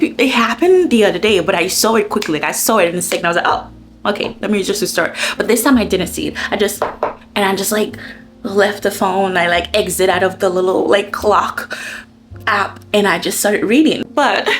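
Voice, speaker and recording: A young woman chatting casually in a book vlog, telling stories animatedly with lots of "like" and quoting her own reactions, over soft guitar music. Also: mid-range voice. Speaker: book vlogger. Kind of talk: casual reading vlog chat.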